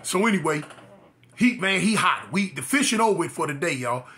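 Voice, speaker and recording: A man from Los Angeles tells a comic tale about himself, leaping between voices with lively, exaggerated delivery. His tone is bright and pushed forward, and his pitch swings widely from line to line. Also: fairly quick, slight background noise. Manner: animated, acts out voices, exaggerated. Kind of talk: comic storytelling.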